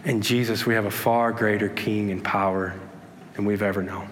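A man's voice: fairly low pitch, fairly even intonation, moderate pace, slight background noise. Earnest male pastor in a reverberant hall. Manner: earnest, acts out pleading and comforting voices. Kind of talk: sermon. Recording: reverberant hall with faint ambience.

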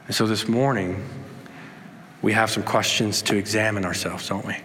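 A man preaching a sermon, earnest and animated, acting out pleading voices and calm replies. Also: lowish voice, normal speed, a little hiss or hum. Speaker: pastor. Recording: reverberant hall with faint ambience.

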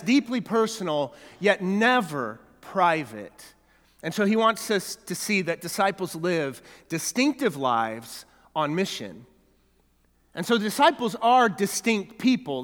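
A man's voice: sits high, a bit bright, big-room sound. A man preaching a sermon as pastor, earnest, often restarting and repeating words.

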